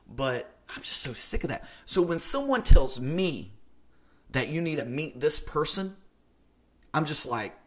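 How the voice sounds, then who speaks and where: A man hosting a solo podcast, talking through his pet peeves with high energy, jumping between loud emphatic bursts and quiet asides. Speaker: podcast host.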